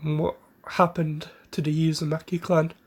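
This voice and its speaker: A man doing a serious, clever young ninja boy with an earnest, plain-spoken delivery. The voice is gravelly and slow, a little raised in pitch. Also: little pitch movement.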